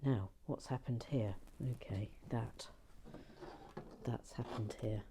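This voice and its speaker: A woman hosting a relaxed building vlog, chatty and playful, drifting into soft whispered asides. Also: rumbling low, slow, background noise. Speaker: host of a brick-building channel.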